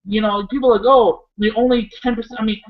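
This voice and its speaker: Speaking at a quick pace in a high voice, an Iowa man co-hosts a laid-back wrestling chat. He goes off topic, rambling and swearing freely with plenty of excitement, and the sound is lo-fi.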